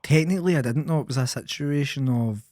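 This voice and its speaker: A young man co-hosting a podcast, telling stories in a wry, deadpan way. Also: mid-range voice, quick pace, dry recording, clean studio sound. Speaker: podcast co-host. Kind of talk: casual chat.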